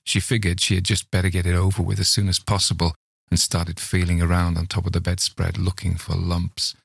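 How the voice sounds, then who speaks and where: Deep, gravelly male story reader. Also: monotone, fairly quick, dry recording, studio quality. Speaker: reader of stories. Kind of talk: storytelling narration.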